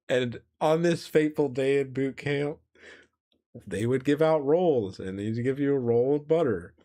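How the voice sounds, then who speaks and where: A man's voice: medium pitch, measured pace, a little mellow. A male streamer telling a rambling story casually, laughing often and correcting himself.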